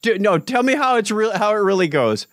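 A man hosting a developer podcast, upbeat and animated, moving from a scripted opening into relaxed chat with guests. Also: high voice, a little fast, dry recording, studio quality. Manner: upbeat, animated, self-correcting. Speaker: podcast host.

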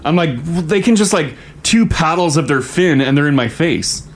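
Animated co-host, bouncy pitch, quick laughs. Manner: lively, animated, laughs often. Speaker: radio show co-host. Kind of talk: casual radio banter.

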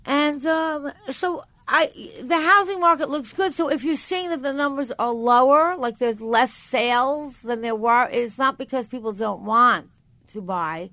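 A woman's voice: sits high, measured pace, pushed and bright, dry recording. Chatty New woman radio host. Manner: chatty, rambling, self-correcting. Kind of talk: casual radio talk. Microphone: studio mic.

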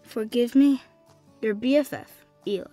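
A woman's voice: on the high side, unhurried, mellow, faint music behind, close to an everyday voice. A woman playing a cheerful, lighthearted young boy writing letters in an audio drama. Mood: apologetic. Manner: bubbly, lighthearted, playful.

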